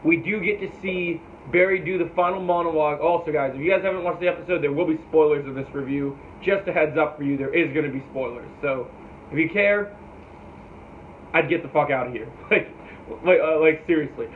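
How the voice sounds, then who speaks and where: Man, slightly high voice, rambling, profane review chat, thin phone-line audio, faint hiss. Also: a little fast. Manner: rambling and profane, sometimes mimics characters. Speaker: TV show reviewer. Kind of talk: casual spoken review.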